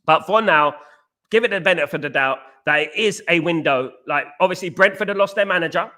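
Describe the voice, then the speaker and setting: A man chats casually as he reads out viewers' messages, repeating himself and tossing in mate and bruv. His voice sits a touch high and comes out bright and forceful. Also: brisk. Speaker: fan channel host reading viewer messages. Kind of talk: casual livestream chat.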